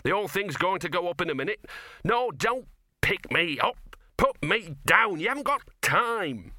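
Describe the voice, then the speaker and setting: A man voicing a small cynical talking mongrel dog that grumbles in a slow, gruff way. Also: mid-range voice, expressive, pushed and bright, dry recording, clean studio sound. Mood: urgent.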